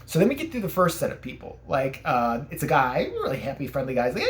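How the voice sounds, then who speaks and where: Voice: mid-range voice, lively intonation, quick pace, few pauses, slight background noise. A vlogger ranting and telling a story casually, sarcastic and full of profanity.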